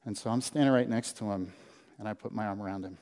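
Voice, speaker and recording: A man preaching a sermon as pastor, telling a story in an animated way, with loud bursts that drop to hushed low lines. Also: quick pace. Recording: long hall reverb.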